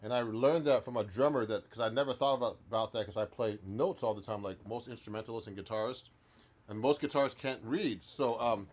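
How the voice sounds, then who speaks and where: A man who is a professional musician and guitar teacher, chatting loosely through a live-stream practice session and answering viewers, with frequent restarts. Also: medium pitch.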